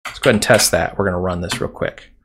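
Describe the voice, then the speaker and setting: A man's voice: sits low, quick pace, a bit bright, slight background noise. A man hosting a programming tutorial, explaining casually and chatting while he types. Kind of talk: screen-recorded coding tutorial. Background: keyboard typing and mouse clicks.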